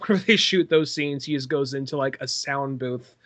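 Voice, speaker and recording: A man's voice: mid-range voice, normal speed, fairly bright tone. A young man co-hosting a comedy podcast, telling stories dryly and acting out quotes. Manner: dry, storytelling with acted-out quotes. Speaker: podcast co-host. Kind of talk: casual comedic chat.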